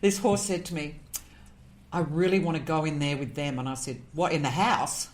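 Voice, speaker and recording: Earnest low-voiced woman guest. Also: normal speed. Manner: earnest, rhetorical questions, tells stories. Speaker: guest, animal communicator. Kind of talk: interview conversation.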